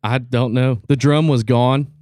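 A man, the podcast's producer, telling a story in a laid-back, halting way with chuckles. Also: medium pitch, fairly even intonation, dark tone, no echo, clean studio sound. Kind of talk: casual storytelling.

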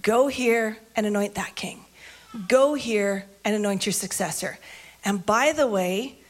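A woman preacher voicing God as a calm, gentle, patient male presence. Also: unhurried, close to an everyday voice. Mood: reassuring. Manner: soft, low, reassuring.

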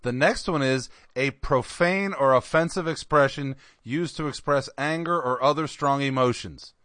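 A man's voice: mid-range voice, moderate pace, fairly bright tone, no echo, studio quality. A man co-hosting a casual podcast, joking and teasing, laughing easily. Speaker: co-host.

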